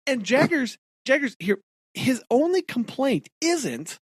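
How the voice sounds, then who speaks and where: A man's voice: extremely high pitch, big pitch swings, slow pace, husky, no echo, clean studio sound. A man co-hosting a podcast, casually explaining a book's plot, restarting his sentences. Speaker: podcast co-host. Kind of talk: casual chat recapping a book.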